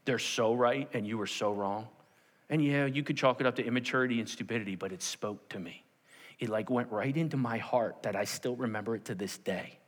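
Animated preacher man in a reverberant church. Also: medium pitch. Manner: animated, acts out quoted voices, repeats "okay?". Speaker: pastor. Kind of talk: sermon with storytelling. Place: church sanctuary. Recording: long hall reverb.

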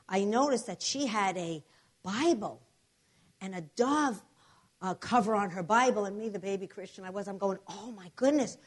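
A woman preacher telling a testimony in an animated storytelling manner, acting out the other voices. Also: mid-range voice. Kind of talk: sermon testimony.

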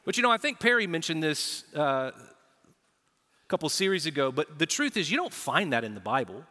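Bright-voiced male pastor preaching live. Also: fairly high pitch, normal speed. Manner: animated preaching, acts out quoted dialogue. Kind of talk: sermon. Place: large church auditorium. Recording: live church hall reverb.

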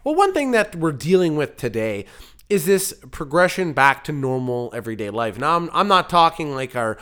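Male solo podcast host, comic rambler, higher than average voice, very lively delivery. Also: normal speed, clear, resonant tone. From Canada. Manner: rambling, self-interrupting, jokey digressions.

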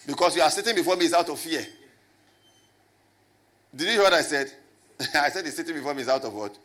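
A man preaching a lively sermon as a pastor, swinging from loud shouts to low asides and calling on the congregation to answer. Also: a little fast, pauses often. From Ghana. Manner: animated, rising to shouts and dropping low, with call and response.

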